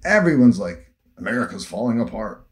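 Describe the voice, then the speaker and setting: A man in his fifties telling stories about living abroad in a casual conversation, animated and quick to laugh. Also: fairly low pitch. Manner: animated, acts out village voices, laughs often. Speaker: former field worker telling stories.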